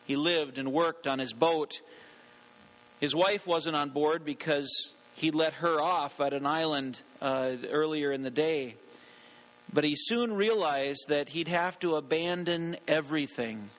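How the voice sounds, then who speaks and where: A male pastor giving a sermon in an earnest, deliberate way, slowing down on key phrases, then leading a prayer. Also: a little high, fairly bright tone, poor audio.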